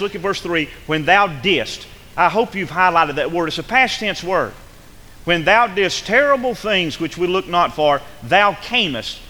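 A man preaching a sermon with emphatic delivery, repeating words and swinging from loud bursts to hushed tones. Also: a little high. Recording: hall reverb.

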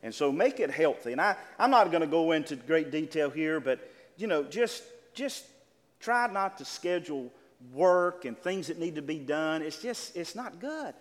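An older man preaching a sermon to a congregation, calling out amens and building to loud, exclaimed lines. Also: fairly high pitch, animated, normal speed. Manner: preaching with call-and-response amens, building to shouts. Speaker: pastor. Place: church. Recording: church hall with long reverb.

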